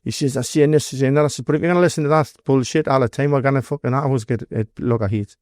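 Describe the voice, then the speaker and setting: A blunt-talking man with a thick Geordie accent tells his stories plainly, swearing freely and voicing the people he quotes. His voice sits at a middling pitch, and the recording is dry and close. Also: rapid-fire, darkish tone, no echo. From North East England. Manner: blunt storytelling, heavy swearing, acts out quoted dialogue. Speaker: guest, former doorman. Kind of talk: casual interview storytelling.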